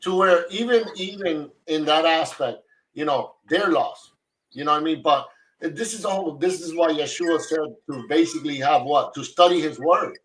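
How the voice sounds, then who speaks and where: A man with a fairly bright, high-side voice speaks at a moderate pace over a rough recording. Hosting a Torah study broadcast live online, he carries on a casual Bible study discussion with fervor, circling back to repeat his points frequently.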